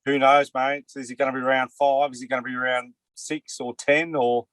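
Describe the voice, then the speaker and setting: A man's voice: medium pitch, level tone, moderate pace, fairly bright tone, no room sound. An Australian man with a mid-range voice talks sport in a loose, rambling way. He leans on "mate" and "you know" all the time. The sound is dry and close. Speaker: co-host, former player. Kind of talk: casual sports chat.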